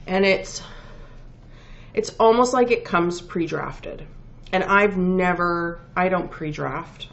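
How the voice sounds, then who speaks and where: A woman with a lowish, creaky voice hosts a laid-back knitting podcast while fighting a head cold, sniffling as she shows off her finished pieces. She rambles, corrects herself and says "um" a lot in this casual show-and-tell. The home recording is dull and lo-fi, with faint noise in the background.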